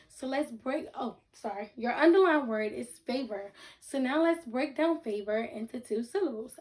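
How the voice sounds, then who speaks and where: A woman teaching a reading lesson to children, speaking slowly and deliberately, breaking words into syllables and checking in with the class. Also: fairly high pitch, animated, darkish tone. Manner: repeats sentences and checks in with the class.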